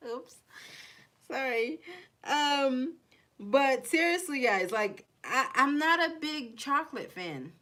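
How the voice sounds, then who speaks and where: A woman's voice: high-pitched, lively intonation, slow, fairly bright tone. A young woman with a mixed Haitian and Kentucky accent chatting casually on a live stream, rambling, reading viewer comments aloud and laughing often. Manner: laughs often, giggly asides.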